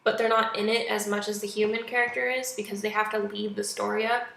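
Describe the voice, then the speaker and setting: A woman's voice: mid-range voice, quick pace, vocal fry. Chatty young woman reviewing a movie. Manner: chatty, animated, acts out quotes. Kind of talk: casual movie review vlog. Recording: echoey room.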